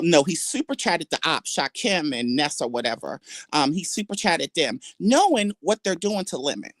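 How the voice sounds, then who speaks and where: A brash woman rants on her own livestream, trash-talking and swinging her voice up and down with lively, animated pitch. Her voice sits fairly low for a woman. The sound is dry and close, with no room around it. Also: no echo. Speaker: livestream host. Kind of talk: casual livestream commentary.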